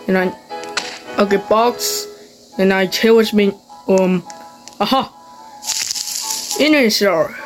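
A woman streams a game and comments as she plays, in slow, halting bits that often trail off. She breaks into sudden loud squeals and swears now and then. Soft music plays faintly behind her. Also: medium pitch, poor audio. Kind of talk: excited gameplay commentary.

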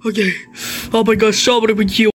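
A woman streaming a game, talking in halting bits that trail off and breaking into loud squeals and curses. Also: a little high, little pitch movement, poor audio. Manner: loud sudden squeals and swearing. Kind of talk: excited gameplay commentary.

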